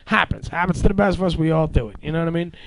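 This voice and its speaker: A man's voice: a little high, racing, slight background noise. A man hosting a show, chatting loosely and joking through sponsor plugs. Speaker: host. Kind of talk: casual chat and read sponsor plug.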